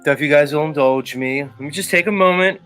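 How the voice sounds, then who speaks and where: A man hosting a live stream, ranting in a heated, profane way and then talking himself calm. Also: on the high side, fast talker, clear, resonant tone, faint music behind. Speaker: livestream host. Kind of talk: casual live-stream rant.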